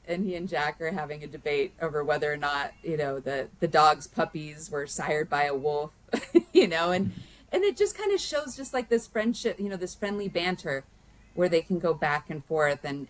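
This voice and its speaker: Woman discussing a movie in a relaxed home chat, low-pitched, meandering delivery. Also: moderate pace. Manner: rambling, many restarts and fillers, warm laughs. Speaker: guest, host's mother. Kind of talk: casual film review chat.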